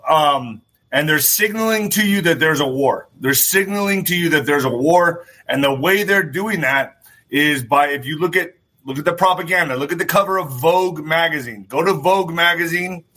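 Bright-voiced rambling male show host. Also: on the high side, moderate pace. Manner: rambling, repeats phrases, swears. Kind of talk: casual commentary monologue.

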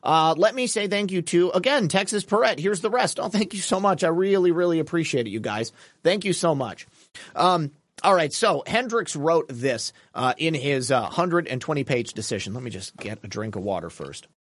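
A man hosting a casual livestream, chatty and animated as he comments and thanks viewers by name. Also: on the high side, normal speed, dry recording. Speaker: livestream host.

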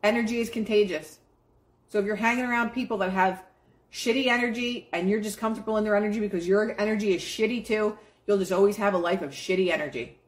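A woman's voice: mid-range voice, fast. A woman hosting a live stream, giving a casual motivational pep talk to her chat in a blunt, profane, emphatic way.

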